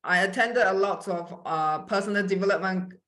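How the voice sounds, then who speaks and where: A woman of middle pitch answering casually over a video call. Her speech is relaxed and plain, with small pauses and fillers as she thinks. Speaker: guest network marketer.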